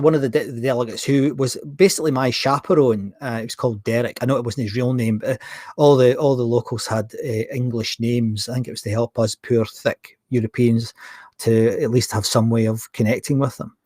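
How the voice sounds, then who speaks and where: A middle-aged man hosting a podcast, telling travel anecdotes in a casual, animated way. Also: medium pitch, brisk, no echo, clean studio sound. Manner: animated, acts out dialogue in anecdotes. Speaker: podcast host. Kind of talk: casual storytelling monologue.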